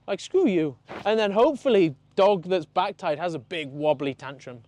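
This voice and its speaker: A man working as a dog trainer, talking casually and swearing freely, acting out dogs and owners in animated voices. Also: high-pitched, moderate pace, dry recording. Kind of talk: casual consultation.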